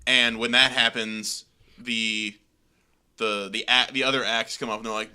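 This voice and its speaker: A man co-hosting a podcast, retelling a film plot quickly with filler words in casual chat. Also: mid-range voice, little pitch movement, bright, forceful tone, smooth. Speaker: podcast co-host.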